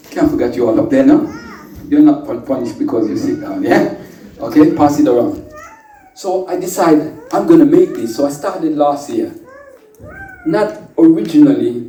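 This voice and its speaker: A man's voice: medium pitch, dark tone, slight background noise. Playful man lecturing in an echoey room. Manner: playful, chatty, calls out to the audience. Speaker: speaker at a spiritual workshop. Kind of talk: informal lecture to a live group. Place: indoor meeting room with an audience. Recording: echoey room, voice from a distant mic.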